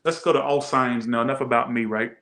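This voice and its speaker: A man's voice: medium pitch, fairly even intonation, brisk, fairly bright tone, echoey room. A man doing a casual tarot reading, rambling and swearing, often repeating himself. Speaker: tarot reader.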